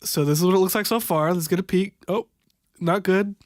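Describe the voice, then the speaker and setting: A young man improvising a makeup tutorial voiceover, halting and stumbling over product names, wryly amused by what he sees. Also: sits high, dry recording, studio quality. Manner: wry, amused at the footage. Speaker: voiceover narrator.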